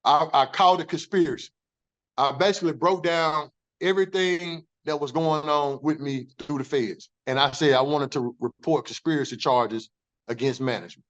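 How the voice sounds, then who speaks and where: A man's voice: fairly high pitch, moderate pace, muffled recording. A man, a former corrections officer, telling his story in an interview, emphatic and profane, acting out the dialogue he quotes.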